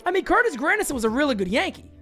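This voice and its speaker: Woman running a live sports stream, emphatic, greets the chat, bouncy lively voice. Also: high voice, very fast, faint music behind. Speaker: sports talk show host.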